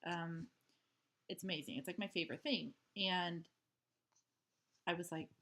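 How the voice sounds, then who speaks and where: A woman's voice: lowish voice, unhurried, a bit bright. A woman chatting casually at home in a video diary, rambling with lots of "like" and "um". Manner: rambling, full of "like" and "um" fillers. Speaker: vlogger. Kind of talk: casual diary-style chat.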